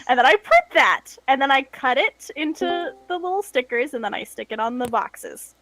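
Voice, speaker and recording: A young woman chatting casually with friends before an online tabletop game, telling lively stories and laughing easily. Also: high voice, normal speed, few pauses, dry recording, rough recording. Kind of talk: casual chat.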